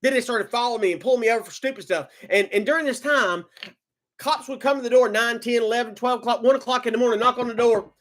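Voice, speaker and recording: Talking fast, a man recounts a personal experience for his vlog, worked up and repeating himself. The emotional telling lurches from loud outbursts down to quiet muttering.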